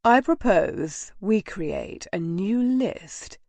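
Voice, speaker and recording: A woman reading a storybook nobleman lover, giving him a low, soft, intimate delivery. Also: animated, very slow, dry recording, heavily acted. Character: male nobleman lover, tender and commanding.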